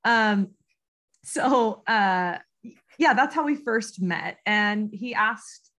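A woman's voice: medium pitch, lively intonation, drawn-out words, fairly bright tone. An American woman in her thirties, a podcast guest recounting a story with lots of ums and laughter. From United States. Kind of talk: casual storytelling interview.

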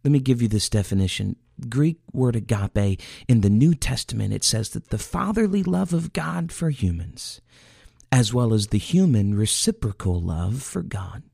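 A man's voice: mid-range voice, lively intonation, moderate pace, creaky, darkish tone, husky, no room sound, studio quality. A man preaching an earnest, emotional sermon, often restarting phrases as he builds his point.

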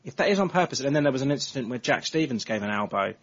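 A man's voice: medium pitch, lively intonation, racing, husky. An English man hosting a football podcast, hesitant and thinking aloud in casual chat. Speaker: podcast host. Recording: dull lo-fi audio.

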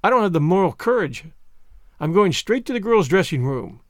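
A man's voice: sits high, no room sound, clean studio sound. A man voicing an eager, dramatic teenage girl student, talking earnestly and effusively. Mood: anxious. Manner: earnest, effusive, quick when excited.

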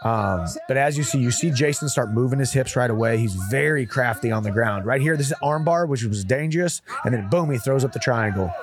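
A man's voice: brisk, few pauses. Man breaking down fight footage. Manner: animated play-by-play with "boom" exclamations. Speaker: coach and show host. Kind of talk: casual fight breakdown chat.

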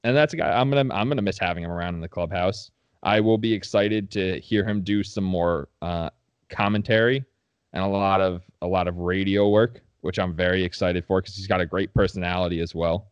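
A man with a very low, deep voice, chatting casually as a podcast co-host. He talks like an animated, opinionated fan, recorded close and dry with no room sound. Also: a little fast, clear, resonant tone, no echo, highs cut off. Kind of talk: casual sports podcast chat.

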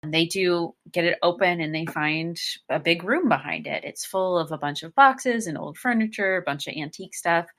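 A woman's voice: on the low side, normal speed, hardly any pauses, a bit bright. A woman co-hosting a podcast, retelling a mystery plot in a wry, matter-of-fact way. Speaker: podcast co-host. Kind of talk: casual book discussion.

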